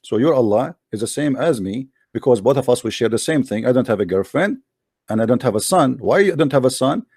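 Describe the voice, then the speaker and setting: A man's voice: mid-range voice, expressive, a little fast, darkish tone, breathy edge, no echo, studio quality. A man hosting a heated religious debate, arguing insistently in broken English. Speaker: host debating a caller.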